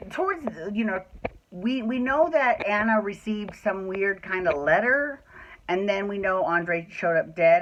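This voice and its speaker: A woman's voice: medium pitch, a bit bright, highs cut off, slight background noise. A woman hosting a soap opera recap podcast, chatting casually at home, swearing freely and ranting with exasperation. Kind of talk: casual venting chat. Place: at home indoors.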